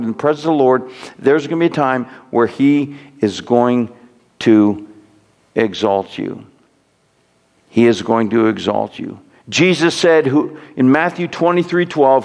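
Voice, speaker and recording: A man's voice: mid-range voice, vocal fry, darkish tone, long reverb tail. A man preaching a sermon as pastor, earnest and pleading, often repeating words as he urges his listeners on. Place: church sanctuary.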